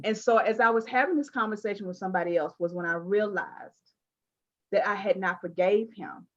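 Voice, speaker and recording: A woman interviewing a guest, telling personal stories in an animated, emphatic way with playful asides. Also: medium pitch, a little fast, muffled recording. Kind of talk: candid conversational interview.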